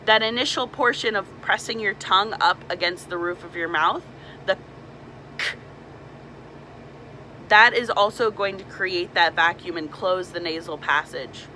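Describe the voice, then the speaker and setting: A woman's voice: medium pitch, pushed and bright, slight background noise, rough recording. A young woman, a mermaid performer, casually explaining swim tips and demonstrating nasal sounds.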